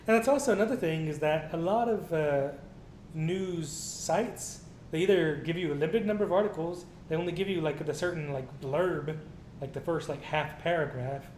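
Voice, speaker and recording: A man's voice: normal speed, darkish tone. A man co-hosting a casual news commentary stream, ranting with profanity and reading news items aloud. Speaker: co-host. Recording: echoey room with faint rumble.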